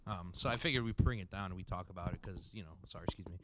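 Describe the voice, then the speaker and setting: A podcast host with a low-pitched voice chats in a laid-back way at a very fast clip, swearing casually, over a very noisy recording.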